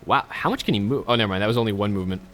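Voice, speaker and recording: A man's voice: fairly low pitch, racing, a bit bright, soft background music. Chatty man narrating his gameplay. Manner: chatty, joking asides to viewers. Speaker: let's play host. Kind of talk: casual gameplay commentary.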